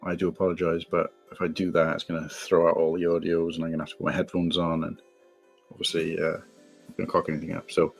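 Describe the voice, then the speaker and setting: A man's voice: low-pitched, monotone, fast talker, vocal fry, husky. A man hosting a casual live stream from home, rambling and greeting viewers by name. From England. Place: home room at night. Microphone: desk mic, no headphones. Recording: faint background music. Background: quiet background music.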